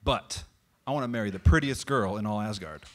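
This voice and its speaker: A man doing a gruff, stubborn giant. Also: lowish voice, fairly quick, fairly bright tone, pitched below the performer's own voice, close to an everyday voice. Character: big slow male giant, stubborn.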